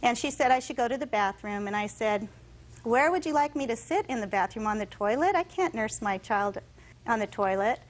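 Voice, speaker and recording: Animated woman telling her side. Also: a little high, brisk, rough recording. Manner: animated storytelling, acts out others' words. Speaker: litigant in court. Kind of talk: courtroom testimony.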